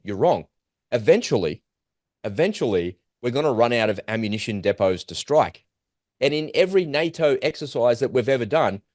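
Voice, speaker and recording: A man giving an urgent, animated commentary monologue, firing off rhetorical questions as host of his own show. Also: mid-range voice, no echo, studio quality. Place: at home in Australia.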